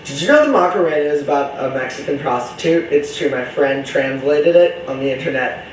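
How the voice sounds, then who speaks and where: A man's voice: mid-range voice, animated, fairly quick, far from the mic, slight background noise. A young man rambling in a casual vlog monologue, chatty, campy and profane, jumping between topics. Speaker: vlogger. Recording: roomy echo, voice from off-mic.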